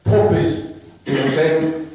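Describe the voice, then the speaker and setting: A man's voice: on the high side, slow pace, dark tone. A man giving an emphatic religious talk to a live gathering, repeating his phrases and pressing rhetorical questions. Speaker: religious speaker. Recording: very echoey room, voice from far off. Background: listeners murmuring responses.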